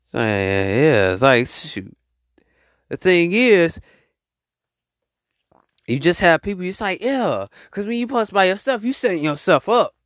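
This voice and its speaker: A man hosting a solo podcast, talking in an animated, preachy way and calling out to his listeners. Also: sits high, a little slow, pauses often, dry recording, clean studio sound. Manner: animated, preachy, call-and-response asides to listeners. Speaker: podcast host. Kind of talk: casual solo podcast monologue.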